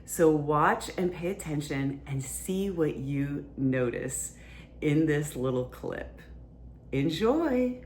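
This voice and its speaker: A woman's voice: low voice, lively intonation, slow, a little mellow, a little hiss or hum. A woman hosting a podcast, explaining relationship ideas in a casual, conversational teaching style. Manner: conversational, explains plainly with fillers.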